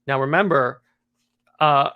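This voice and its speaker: Rambling, excited man reviewing comics. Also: mid-range voice, takes it slowly, smooth, highs cut off. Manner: enthusiastic, loose and rambling, many fillers and restarts.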